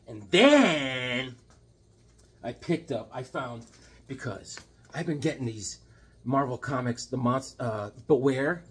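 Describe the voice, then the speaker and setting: A man in his fifties chatting casually about his comic books, animated and jokey with sudden loud outbursts. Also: medium pitch, takes it slowly, slightly rough. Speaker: comic book collector. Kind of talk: casual chat showing comics.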